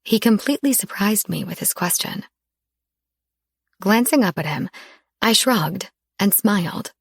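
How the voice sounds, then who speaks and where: A woman narrating a first-person romance audiobook in a soft, intimate storytelling manner. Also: medium pitch, animated, measured pace, gravelly, breathy edge, dry recording, studio quality.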